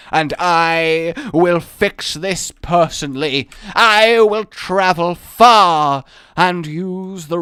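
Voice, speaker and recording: A man putting on the voice of a grandiose, solemn epic storyteller, intoning slowly and loudly. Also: smooth, no room sound, clean studio sound. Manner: slow, drawn-out, booming intoning delivery.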